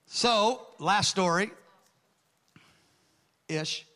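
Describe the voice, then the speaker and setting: High, bright-voiced preaching man. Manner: animated, acts out dialogue with quick asides. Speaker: pastor. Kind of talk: storytelling sermon.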